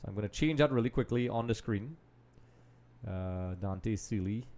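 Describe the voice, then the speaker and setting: A man hosting a live football watch-along, chatting straight to viewers and often dropping into quiet mutters while he multitasks. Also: fairly low pitch, moderate pace. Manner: distracted, multitasking while commenting; trails off into quiet mutters and restarts. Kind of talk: casual live match commentary.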